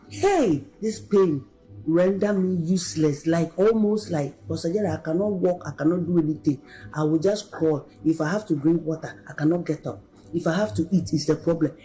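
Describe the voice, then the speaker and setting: A woman giving an emotional recorded testimony, excitedly calling the pastor by name again and again. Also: low voice, low-quality recording. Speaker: testimony giver.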